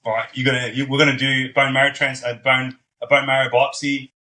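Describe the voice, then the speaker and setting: A man appearing as a podcast guest tells stories casually and animatedly, acting out the voices of the people in them. His voice is medium-pitched and brisk.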